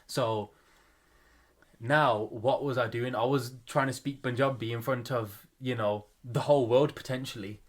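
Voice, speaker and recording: A young man chatting casually as a podcast co-host, self-mocking and quick to laugh. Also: medium pitch, fairly even intonation.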